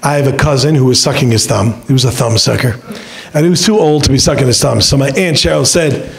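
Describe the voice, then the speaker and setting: Man, middle-aged, rabbi, seminar talk to students, joking storyteller, slightly high voice. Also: quick pace, vocal fry. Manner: joking, storytelling, acts out quotes with big pitch swings. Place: lecture room with an audience.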